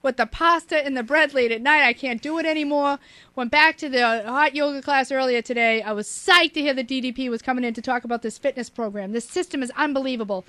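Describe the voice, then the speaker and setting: A woman's voice: high voice, sharp tone, no echo. A woman hosting a radio show, chatting and teasing her guest in a studio. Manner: chatty, teasing, quick to laugh. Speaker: radio host. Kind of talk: casual radio interview.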